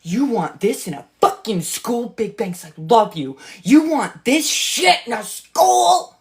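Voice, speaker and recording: A woman's voice: fairly high pitch, big pitch swings, slow, gravelly. A woman giving casual, sarcastic and profane reaction commentary on a book she reads aloud.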